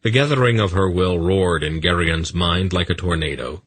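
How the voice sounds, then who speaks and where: A man reads a dark fantasy audiobook with intense, dramatic storytelling. His voice is very deep, with a forceful, husky edge, and the recording is dry and close. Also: normal speed, no echo. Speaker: audiobook narrator.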